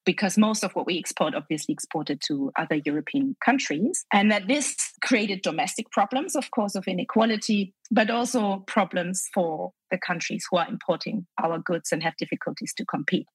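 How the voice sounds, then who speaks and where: German woman guest, kinda husky, lowish voice, steady explaining. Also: no room sound, rough recording. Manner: measured, structured explaining. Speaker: guest economist. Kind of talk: explanatory interview answers.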